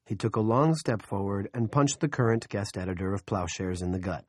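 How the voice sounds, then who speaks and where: Low-voiced man narrating an audiobook. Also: lively intonation, brisk, no room sound, clean studio sound. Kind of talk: scripted narration.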